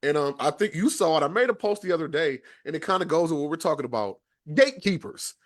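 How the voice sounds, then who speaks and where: A man from Detroit hosting a podcast, hyped and slangy, giving shout-outs. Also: fairly high pitch, lively intonation, quick pace. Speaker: podcast host. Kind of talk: casual interview chat.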